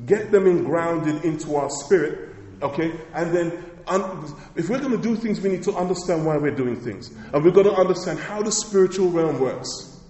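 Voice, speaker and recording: A man's voice: a little high, normal speed, warm tone, reverberant, big-room sound. A man preaching a sermon as pastor, emphatic and repetitive, with many rhetorical questions to the congregation.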